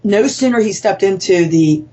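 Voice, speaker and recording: A woman's voice: mid-range voice, expressive, moderate pace, mellow. A woman author telling her story as a guest in an interview, rambling and earnest, with self-corrections and fillers. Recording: dull lo-fi sound.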